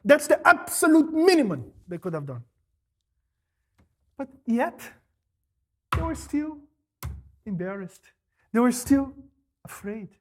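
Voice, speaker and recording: A male pastor preaching a sermon, firing off rhetorical questions and answering them, moving between loud emphasis and quiet asides. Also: very high voice, sing-song, takes it slowly, long pauses.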